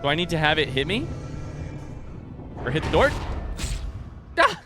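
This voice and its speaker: A man streaming a video game live, giving excitable, jokey commentary with plenty of swearing. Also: on the high side, a little fast, music in the background.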